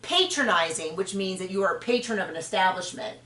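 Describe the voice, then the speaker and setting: A woman hosting a podcast, chatting frankly and opinionatedly about a reality show, with quick asides and self-corrections. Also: medium pitch. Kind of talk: casual opinionated chat. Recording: roomy distant mic.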